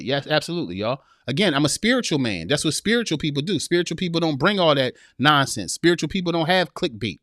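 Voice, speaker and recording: Slangy preachy man host, bit high. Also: big pitch swings, fast talker, hardly any pauses, a bit bright, no room sound, studio quality. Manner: preachy, laughs a lot, drawls with slang. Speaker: podcast host reading live chat. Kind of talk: casual live-stream commentary.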